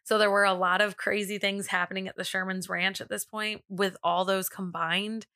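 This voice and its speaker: A woman's voice: mid-range voice, flat delivery, normal speed, sharp tone, dry recording, clean studio sound. A woman co-hosting a podcast, retelling a spooky story in a loose, chatty way with many fillers. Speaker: podcast co-host. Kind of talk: casual chat and storytelling.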